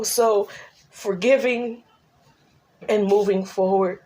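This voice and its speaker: A woman's voice: medium pitch, measured pace. Earnest woman talking through grief. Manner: emotional, tearful at times, earnest and encouraging. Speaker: grief vlogger and ministry leader. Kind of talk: unscripted personal talk to camera.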